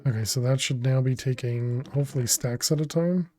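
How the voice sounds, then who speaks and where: A man streaming a video game, chatting casually as he thinks aloud and answers his chat, often laughing. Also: mid-range voice. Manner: laughs often, relaxed and unhurried. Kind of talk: casual gaming livestream commentary.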